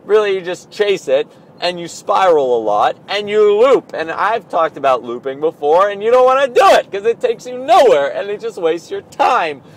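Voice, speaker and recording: A man muses aloud for his audio blog in a fairly high voice that swings widely up and down. He rambles in a playful way and pokes fun at himself. A faint hum of noise sits behind him. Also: sing-song, moderate pace. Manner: playful, self-mocking, rambling. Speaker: audio blogger. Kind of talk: casual spoken reflection.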